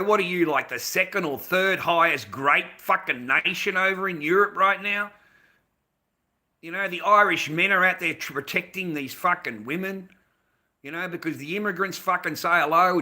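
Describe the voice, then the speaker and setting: An Australian man rants on a livestream in a rambling, swear-heavy way, swinging between muttering and loud bursts. His voice is very bright and cutting, set a little above the usual male pitch. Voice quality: profane, rambling, with swinging loudness. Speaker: livestreamer reading chat. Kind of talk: casual ranting monologue.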